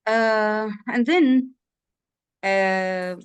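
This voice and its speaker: Over a video call, a woman whose first language is Arabic gives a one-on-one English lesson, patiently drilling vocabulary and making sure the student follows. Her voice is smooth and medium-pitched, and she draws out her words.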